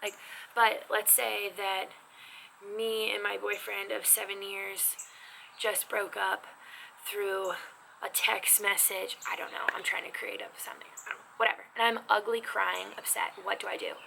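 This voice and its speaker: A lively, chatty woman teaching a casual lesson, her voice full of gravelly fry at an average pitch. She talks in an animated, expressive way. Clear background noise runs under her voice. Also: normal speed. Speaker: sign language teacher. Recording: noisy background.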